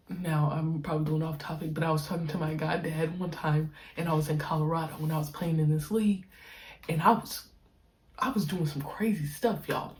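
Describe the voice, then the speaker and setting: Young woman podcaster, deep low voice, laid-back slangy monologue, drags out words. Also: darkish tone. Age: young adult. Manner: slangy, stretches key words slowly. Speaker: podcast host, pro basketball player. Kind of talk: casual reflective monologue.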